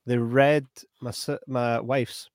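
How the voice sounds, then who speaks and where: A man's voice: mid-range voice, slow, dry recording, studio quality. A Scottish man telling an anecdote in casual chat, acting out what other people said. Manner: animated anecdote-telling, acting out quoted voices.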